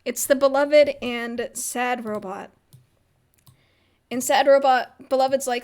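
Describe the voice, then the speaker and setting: A woman's voice: sits high, slow, long pauses, a little mellow. A young woman casually recapping a roleplay server on her livestream, rambling and giggling with lots of filler words. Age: young adult.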